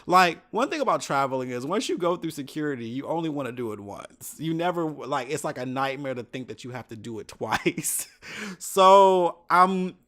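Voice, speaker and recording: A man's voice: fairly high pitch, animated, normal speed, a bit bright. A man hosting his own podcast, recounting a trip in a casual, profane, exasperated way, full of asides. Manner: profane, exasperated anecdote telling with many asides. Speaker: podcast host. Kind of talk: casual solo podcast storytelling.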